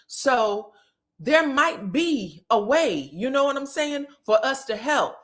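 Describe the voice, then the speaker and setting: A woman's voice: high-pitched, expressive, slow. A woman recapping a reality show in a casual, blunt, profane, mocking way.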